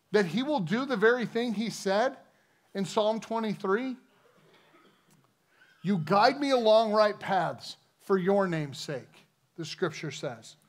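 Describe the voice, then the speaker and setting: A high-voiced man preaches earnestly with a Midwestern American accent. He reads scripture slowly and deliberately, then presses his point with conviction. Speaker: pastor. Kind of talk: sermon. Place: church sanctuary.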